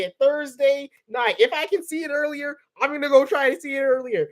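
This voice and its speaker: A man's voice: very high voice, normal speed, few pauses, a bit bright. Rambling jokey man hosting a livestream. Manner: rambling, jokey, trails off into tangents. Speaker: livestream host. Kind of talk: casual livestream chat reading comments.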